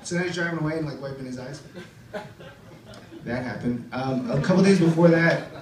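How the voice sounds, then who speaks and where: On a club stage before a live audience, a man with a fairly high voice delivers rambling stand-up stories and spoken-word poems at an open mic, a little fast and full of loose "like"s and "uh"s. A distant mic picks him up in a roomy space with faint background noise.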